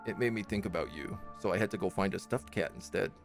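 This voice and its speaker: Low gravelly man reading game text. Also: faint music behind. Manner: measured storytelling reading, softer chatty asides to his cat. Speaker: streamer and game narrator. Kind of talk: reading game text aloud, casual chat.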